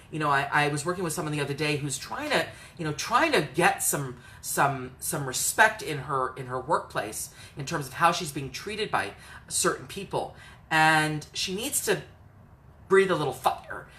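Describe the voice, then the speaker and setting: A woman's voice: low-pitched, sharp tone. A woman hosting a live advice stream, talking earnestly and encouragingly to viewers and reading out their comments by name. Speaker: host and coach.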